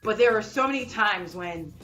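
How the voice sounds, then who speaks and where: A woman hosting a podcast interview, bubbly and excitable, laughing often and talking with big energy. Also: mid-range voice, normal speed, lo-fi sound, faint music behind. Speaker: podcast host. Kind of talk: enthusiastic interview chat.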